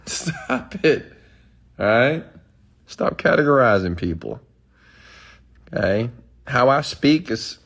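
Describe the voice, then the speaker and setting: A man's voice: mid-range voice, a bit bright. A man ranting emphatically on a live stream, answering chat comments and preaching to his followers with repeated "okay?"s.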